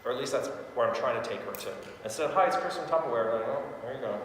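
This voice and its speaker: Speaking very fast in a medium-pitched, slightly bright voice, this man runs a cheerful sales training session. He acts out both sides of sample phone calls to demonstrate how they ought to go, and the hall around him echoes with faint noise.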